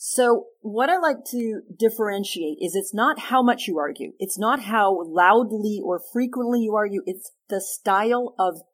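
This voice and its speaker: Animated husky-voiced woman therapist. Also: mid-range voice, normal speed, hardly any pauses. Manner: animated, emphatic, self-deprecating teaching tone. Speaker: sex therapist guest. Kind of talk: podcast interview.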